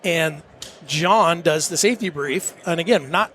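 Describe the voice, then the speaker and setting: A man's voice: a little high, unhurried, a bit bright, slight background noise. A middle-aged man on a podcast, telling a self-deprecating story with lots of restarts and nervous laughs. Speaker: podcast guest. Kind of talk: casual storytelling.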